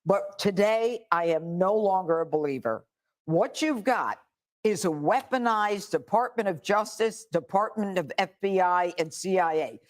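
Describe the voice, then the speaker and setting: A woman's voice: medium pitch, animated, a little slow. An older woman, a former judge, giving indignant and emphatic political commentary.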